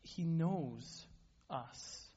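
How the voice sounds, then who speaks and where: A pastor preaching in a lively conversational way. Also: male voice, fairly high pitch, drawn-out words, slightly rough. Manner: conversational, self-deprecating, repeats and restarts words. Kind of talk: sermon. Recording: dull lo-fi sound.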